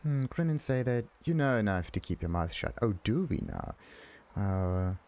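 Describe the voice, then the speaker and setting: A man's voice: lowish voice, very animated, normal speed, a little mellow. A man hosting a game let's play, casually reading dialogue options aloud, chuckling and musing to himself. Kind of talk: casual gameplay commentary.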